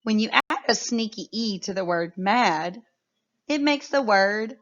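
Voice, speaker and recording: A woman teaching a phonics lesson to young children, sounding out words clearly and praising often. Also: medium pitch, slow pace, a bit bright, muffled recording.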